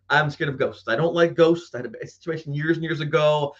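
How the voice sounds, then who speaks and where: Man, storyteller, lively pitch, somewhat high voice, dull lo-fi sound. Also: fast talker, hardly any pauses. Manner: animated storyteller, acts out his own scared voice. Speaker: host. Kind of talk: telling a personal ghost story to an audience.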